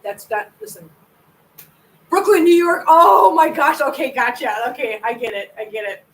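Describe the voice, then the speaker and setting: A woman's voice: high voice, animated, normal speed, far from the mic, low-quality recording. A woman hosting a casual livestream from home, chatting with viewers in a rambling way and stumbling over her words. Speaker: cat channel host.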